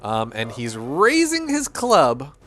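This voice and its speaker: A man narrating a tabletop game as game master, halting and full of fillers as he describes the scene. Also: mid-range voice, wildly swooping pitch, bright, forceful tone, faint music behind.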